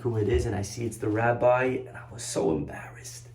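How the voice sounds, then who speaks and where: A man giving a storytelling religious lesson as a rabbi, animated and acting out the voices in his tale. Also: mid-range voice, fairly quick, hardly any pauses. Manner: animated storyteller, acts out quotes. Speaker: rabbi teacher. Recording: echoey room.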